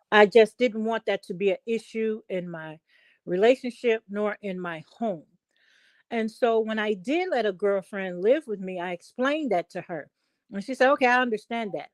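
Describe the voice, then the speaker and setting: A middle-aged woman on a call-in talk show, telling a story at length in an emphatic, animated way. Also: medium pitch, moderate pace, no echo. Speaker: guest. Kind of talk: casual chat.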